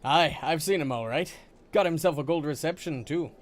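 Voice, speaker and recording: A man doing a rough, slangy camp soldier. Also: on the high side, moderate pace, close to an everyday voice. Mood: gruff. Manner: blunt, slangy, salty.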